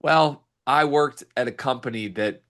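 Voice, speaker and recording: A man's voice: mid-range voice, a little slow, a bit bright. A man hosting a casual sports podcast, teasing his co-host dryly and then recapping an interview.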